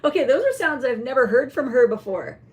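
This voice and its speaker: A woman in a casual show-and-tell vlog, chatting about a toy with many fillers and some throat-clearing. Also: high-pitched, lively intonation, a little fast, very noisy. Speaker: vlogger showing a toy.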